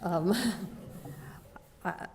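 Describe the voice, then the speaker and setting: A woman at a poetry reading, introducing and reading a poem in a wry, unhurried way. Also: darkish tone, a little hiss or hum. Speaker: poet reading at an event. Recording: reverberant lecture hall.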